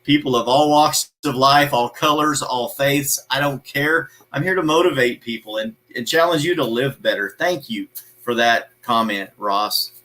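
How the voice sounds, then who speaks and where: A man's voice: mid-range voice, normal speed, bright, forceful tone, rough recording. A man hosting a live motivational show, talking emphatically in a preachy way, repeating his key phrases and greeting viewers by name.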